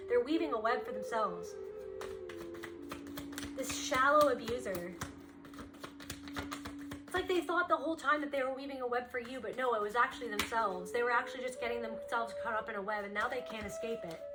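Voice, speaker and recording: A woman giving a spiritual card reading to the listener, impassioned and repetitive, circling back over her phrases as she speaks straight to them. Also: a little high. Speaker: spiritual reader. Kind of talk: intuitive card reading to camera.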